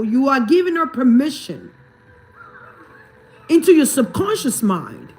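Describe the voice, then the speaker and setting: A woman's voice: sits high, big pitch swings, unhurried. A woman from Africa talking casually on a livestream as a spiritual reader. She repeats her points emphatically, asks listeners whether they understand, and laughs often.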